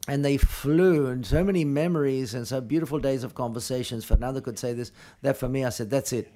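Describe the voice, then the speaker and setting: A man of middling pitch answers questions at a film press conference. His speech is halting, and he often breaks off mid-phrase to restart or correct himself. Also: mellow.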